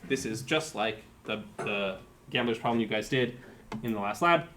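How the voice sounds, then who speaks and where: A man's voice: on the low side, normal speed, fairly bright tone, a little hiss or hum. A man giving a university lecture, explaining terms step by step and thinking aloud with fillers. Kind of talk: live-coded lecture.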